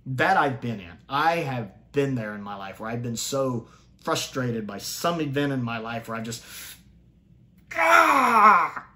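Here a man gives an easygoing, opinionated spoken review of a TV episode at a normal speed and in a fairly bright tone, thinking aloud, often beginning again, and rising in pitch to emphasize his points.

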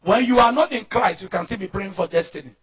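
A Nigerian pastor preaching a fervent sermon, often shouting and calling on the congregation to answer back. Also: male voice, high-pitched, quick pace, vocal fry.

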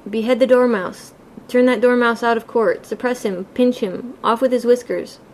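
A woman reading aloud voices a hot-tempered queen who gives orders in a shrill, commanding voice. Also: fairly quick, gravelly, a little hiss or hum. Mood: furious.

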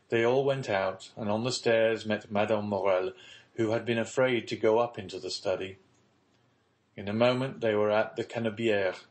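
A man narrating a classic novel as an audiobook, reading in a measured, steady way. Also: lowish voice. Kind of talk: scripted narration.

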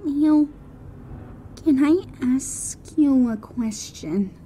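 A woman's voice: high-pitched, lively intonation, very slow, dark tone, a little hiss or hum, exaggerated voice. A woman voicing a tough young mare who swears freely and talks back with defiance. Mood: wary.

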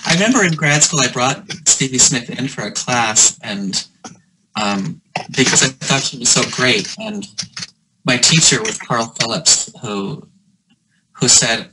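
A man's voice: mid-range voice, animated. Man on a noisy video call. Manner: halting, self-deprecating, with restarts. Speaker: poet and editor. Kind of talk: casual chat and poetry reading. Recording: video call with noticeable background noise.

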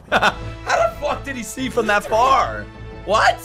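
Loud, lively young man reacting excitedly. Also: very high-pitched, slow. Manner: loud, profane, laughs and shouts often. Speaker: anime reaction streamer. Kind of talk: excited anime reaction commentary. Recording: anime soundtrack music playing loudly underneath.

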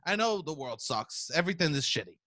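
A man, hosting a podcast in casual chat, loud and profane, telling animated stories. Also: a little high, fairly quick. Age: 30s. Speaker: podcast host.

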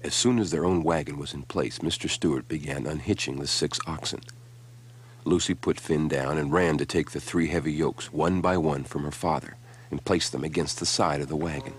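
A man reading a children's storybook aloud in an expressive, unhurried way. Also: extremely low pitch, husky. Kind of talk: read-aloud storybook narration. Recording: background music.

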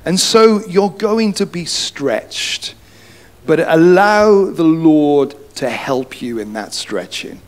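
Male church leader, upbeat welcome, somewhat high pitch. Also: expressive, takes it slowly. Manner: enthusiastic, encouraging. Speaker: church leader introducing the speaker. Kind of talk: welcome address.

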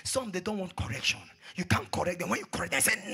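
A man preaching a sermon, repeating phrases and swinging between hushed asides and shouted exhortations. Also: high-pitched, fast talker, vocal fry, husky, soft background music.

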